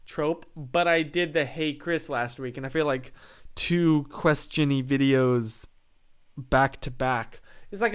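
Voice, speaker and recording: A young man with a hoarse, raspy, mid-range voice chats casually on a live stream, rambling along and poking fun at himself.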